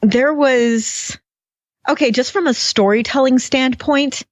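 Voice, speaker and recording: This high-voiced woman talks at a slow pace while co-hosting a fan podcast, riffing sarcastically on a TV episode and laughing a lot. The audio is dry, dull and lo-fi.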